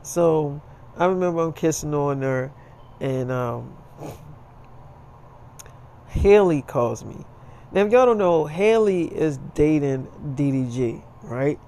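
A man's voice: fairly high pitch, animated, slow pace, pauses often, mellow, slight background noise. A man telling a story casually, with a loose, repetitive way of talking.

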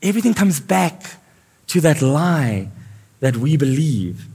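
A man's voice: fairly high pitch, very animated, slow, gravelly, warm tone, husky. A male pastor preaching a sermon, asking his congregation questions as he goes. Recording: live church sound with long reverb.

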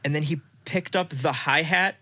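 A man in his thirties hosting a podcast, telling stories in casual chat, animated and swearing freely with laughs mid-story. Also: on the high side, normal speed, no echo. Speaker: podcast host.

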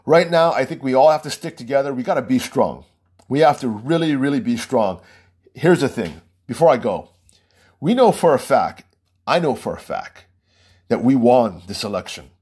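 A man's voice: medium pitch, normal speed, darkish tone, slightly rough. A man hosting his own small podcast, giving a heated, rambling political monologue and laughing between points. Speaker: podcast host.

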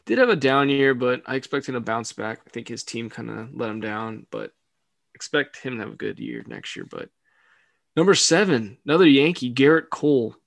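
A man's voice: mid-range voice, very animated, normal speed, vocal fry, dry recording. A young man co-hosting a casual sports podcast, laughing often and filling gaps with hedges. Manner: laughs often, hedging fillers. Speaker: podcast co-host.

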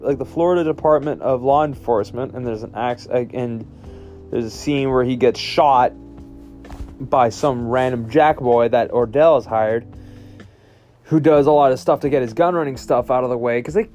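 A man's voice: mid-range voice, a little mellow. A man casually recapping a movie's plot, rambling with lots of restarts and fillers.

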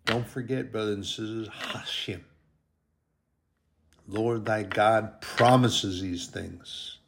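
A man preaching a sermon, slow and deliberate, drawing out his emphatic phrases. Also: fairly low pitch, fairly even intonation, gravelly.

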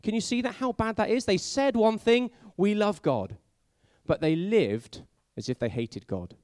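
A man preaching a sermon, telling it like a story and asking his listeners many questions, sometimes dropping to a hushed voice for emphasis. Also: high-pitched, wildly swooping pitch, moderate pace, no room sound, studio quality. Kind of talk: sermon for a family audience.

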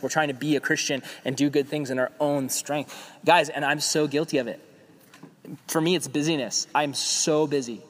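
A young adult man preaching a casual sermon as a youth pastor, conversational and animated, acting out quoted voices. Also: fairly high pitch. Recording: long hall reverb.

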